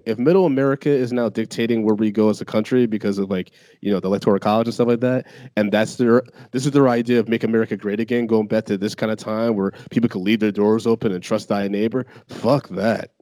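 A man in casual conversation, retelling a story in an animated, profane way. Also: fairly low pitch, fast, few pauses, dry recording, studio quality. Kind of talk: casual chat.

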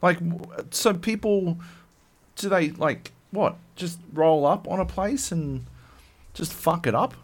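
A man's voice: a little high, takes it slowly. A man co-hosting a podcast, ranting profanely in casual chat. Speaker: podcast co-host.

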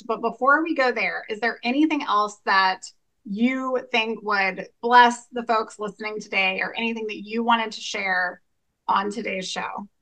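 Casting: woman host, bright and forceful tone, enthusiastic. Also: mid-range voice, low-quality recording. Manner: warm, enthusiastic, affirming. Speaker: podcast host. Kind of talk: podcast interview.

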